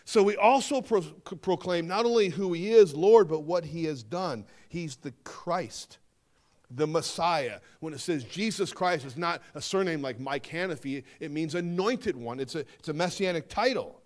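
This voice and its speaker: A man preaching a sermon, emphatic, slowing down to stress key phrases and dipping into quieter asides. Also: a little high, lively intonation. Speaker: pastor.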